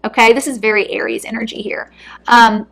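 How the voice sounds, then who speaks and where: Woman tarot reader, gentle and earnest, near tears, slightly high voice. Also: flat delivery, a little fast, creaky. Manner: soft, earnest, emotional. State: close to tears. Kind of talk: intuitive card reading to camera.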